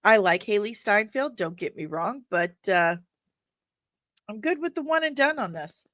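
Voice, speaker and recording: A woman's voice: medium pitch, normal speed, no room sound. Chatty woman hosting a nerd news stream. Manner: chatty, animated, laughs often, talks to the chat. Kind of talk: casual live-stream chat.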